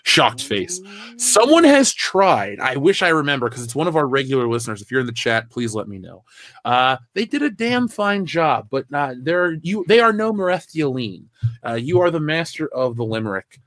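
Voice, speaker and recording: A man co-hosting a comedy podcast, chatting casually and reading out viewer comments with an animated delivery. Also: medium pitch, normal speed, dry recording. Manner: animated, laughs between lines. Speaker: podcast co-host reading chat.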